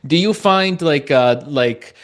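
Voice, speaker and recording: A man's voice: on the high side, animated, slow. Rambling, chatty male podcast host. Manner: rambling, many restarts and fillers, laughs easily. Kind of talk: casual podcast interview.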